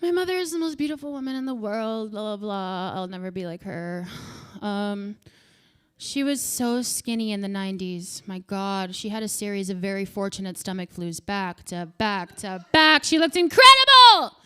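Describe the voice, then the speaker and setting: A woman in her thirties doing stand-up with crowd work, profane and animated, bursting into shouts. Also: medium pitch, moderate pace, clear, resonant tone. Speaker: stand-up comedian.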